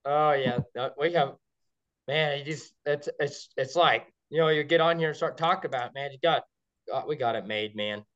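A man, a guest on a podcast, telling stories in an excited, rambling way with many restarts. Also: on the high side, moderate pace. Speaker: guest, game caller. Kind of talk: casual podcast chat. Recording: dull lo-fi sound.

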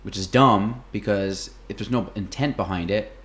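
Rambling young man, low voice. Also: normal speed. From North Country, New York. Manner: rambling, lots of fillers and restarts. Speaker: podcast host. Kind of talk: casual chat.

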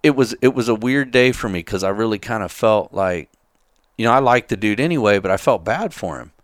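Man, casual chat, low-pitched voice, dry close sound, blunt and profane, acts out quotes. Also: expressive, a little fast, no echo. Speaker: podcast co-host.

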